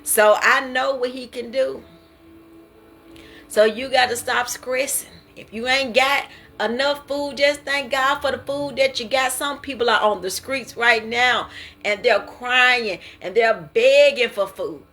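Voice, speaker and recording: A woman's voice: fairly high pitch, unhurried, a bit bright. A woman giving an informal devotional talk, earnest and repetitive, testifying and urging listeners to stop stressing. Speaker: devotional speaker. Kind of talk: informal preaching.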